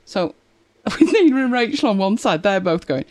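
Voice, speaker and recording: Chatty woman, lively pitch. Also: normal speed. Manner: chatty storyteller, laughs often. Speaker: live stream host reading viewer comments. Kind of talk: casual chat.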